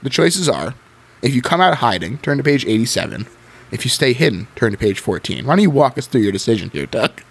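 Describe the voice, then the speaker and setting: A man hosting a podcast, reading a choose-your-own-adventure book aloud in an expressive way and breaking off to chat. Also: mid-range voice, fast, vocal fry, husky. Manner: expressive reading with frequent laughs. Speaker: podcast host.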